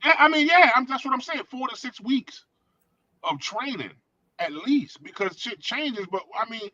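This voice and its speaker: A man's voice: extremely high pitch, sing-song, unhurried, pushed and bright, dry recording, highs cut off. A man on a casual podcast, making emphatic, profane points about policing. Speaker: podcast co-host. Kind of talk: casual chat.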